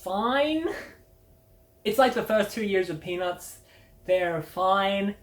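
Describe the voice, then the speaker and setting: Woman, mid-pitched, blunt and sardonic, swears freely; roomy room sound. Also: expressive, takes it slowly. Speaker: media review host. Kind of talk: casual spoken review. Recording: roomy echo.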